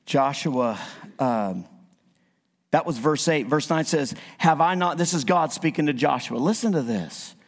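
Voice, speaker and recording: A man preaching a sermon as a visiting evangelist, animated and acting out quotes in his stories. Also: fairly high pitch, measured pace. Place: church. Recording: church sanctuary with long reverb.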